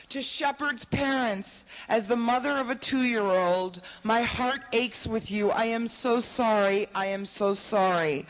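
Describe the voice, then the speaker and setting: A woman with a slightly high voice reads a prepared statement at an outdoor vigil. Her delivery is earnest and pleading. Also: fairly bright tone, low-quality recording. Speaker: speaker at a public vigil. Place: outdoors on building steps at a vigil.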